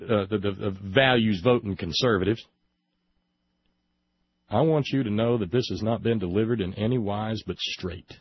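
A man hosting a political talk show, sarcastic and emphatic, slowing down to stress his points. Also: fairly low pitch, slightly rough, no room sound, dull audio. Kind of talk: opinionated political commentary.

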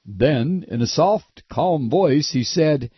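A man's voice: on the high side, animated, takes it slowly, breathy edge, dry recording. A man hosting a political talk show, ranting in a sarcastic, scornful, mocking way, on a dull, lo-fi recording. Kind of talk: political commentary rant.

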